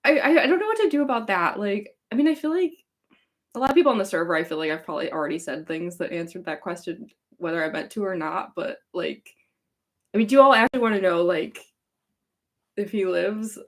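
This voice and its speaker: A woman's voice: medium pitch, a little fast. A young woman from Chicago with a California-sounding accent, chatting casually on a live Q&A with a rambling, giggly valley-girl manner full of likes and ums. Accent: California-sounding American. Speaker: fanfic author hosting a live Q&A. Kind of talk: casual livestream chat.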